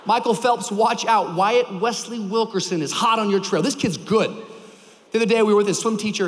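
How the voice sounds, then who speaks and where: A man in his thirties preaching a sermon to a church crowd, telling a story with lively energy and shouting for emphasis. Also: high voice, long reverb tail. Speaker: pastor.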